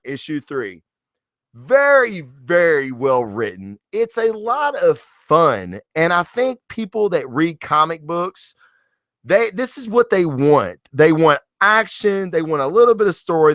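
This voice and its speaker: A married man reviewing comic books in a casual, profane monologue, acting out characters in quick asides. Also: a little high, dry recording, clean studio sound. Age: adult, married. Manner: animated, swears freely, acts out characters in quick asides.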